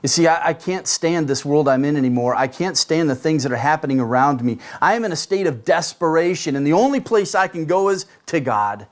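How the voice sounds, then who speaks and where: A man's voice: a little high, animated, brisk, hardly any pauses. Man preaching a conversational sermon. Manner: conversational, asks listeners rhetorical questions. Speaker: pastor.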